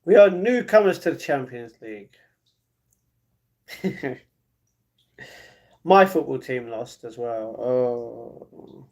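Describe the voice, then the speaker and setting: A man hosts a casual livestream, reading the chat in a chatty, slangy manner and jumping between excited outbursts and muttered asides. His voice is mid-range, his pace slow, with long pauses.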